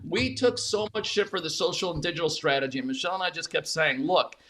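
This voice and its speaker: A former media executive, interviewed as a guest, tells candid stories in a quick, high-side male voice. He's blunt, emphatic and profane, repeating words when he gets animated.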